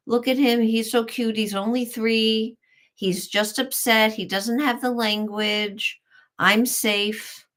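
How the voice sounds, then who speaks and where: Animated woman giving parenting advice. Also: medium pitch. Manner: animated, acts out what a parent says. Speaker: parenting author and guest. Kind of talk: advice in an interview.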